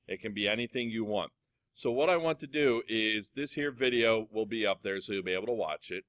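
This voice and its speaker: A middle-aged man teaching a class how to use music software, talking casually and calling his students guys. His voice sounds dry and close, with no room echo, as if recorded at a desk. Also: fairly low pitch, fairly quick. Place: computer lab classroom.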